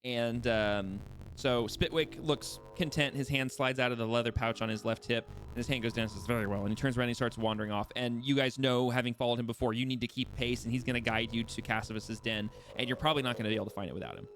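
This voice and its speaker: A man's voice: mid-range voice, steady tone, fast, fairly bright tone, slight background noise. A young man running a tabletop game as game master, chatty and easygoing with many fillers, over a voice call.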